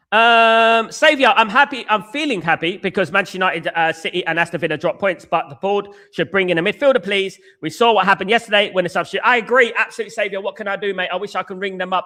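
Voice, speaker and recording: A man hosting a casual live stream chat, excitable, repeating phrases and reading out comments. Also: high voice.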